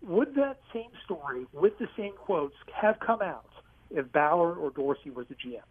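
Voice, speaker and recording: A man's voice: fairly high pitch, very animated, normal speed, a little hiss or hum. Man calling in over a tinny phone line. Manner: polite but argumentative. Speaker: caller. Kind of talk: call-in radio. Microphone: telephone.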